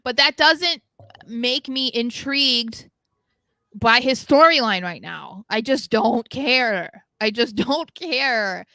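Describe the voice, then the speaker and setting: A woman co-hosting a casual podcast, talking bluntly and laughing often. Her voice is bright and forward. The sound is dry and close, with no room echo. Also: on the high side, slow. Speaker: co-host.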